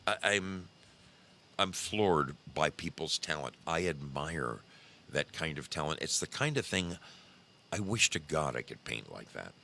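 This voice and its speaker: A man with a very low, gravelly voice hosts a casual show, talking slowly while his pitch swings widely. He rants with profanity and restarts his sentences as he goes. His tone is bright and forceful. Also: very animated, slight background noise. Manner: heated, profane, rambling with restarts. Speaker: show host. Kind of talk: casual commentary on screen images.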